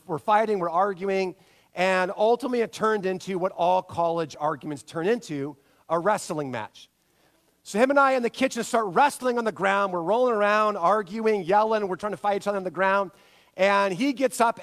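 A pastor in his thirties preaches with a high, bright-edged voice. He tells stories with lots of energy and keeps asking his listeners for a nod. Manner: storytelling, animated, asks the audience for agreement. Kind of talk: sermon.

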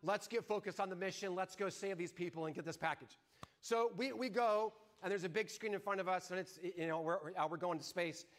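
A middle-aged man preaching a sermon, an animated storyteller who acts out his own shouts. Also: high voice, fairly quick. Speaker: pastor.

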